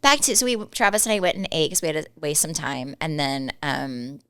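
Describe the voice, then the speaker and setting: A woman's voice: deep voice, smooth, dry recording. A woman in her forties, co-hosting a podcast and telling stories in a chatty way, acting out what people said. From Dallas, Texas. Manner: chatty storyteller, quick laughs, animated quoting. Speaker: podcast co-host. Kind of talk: casual chat.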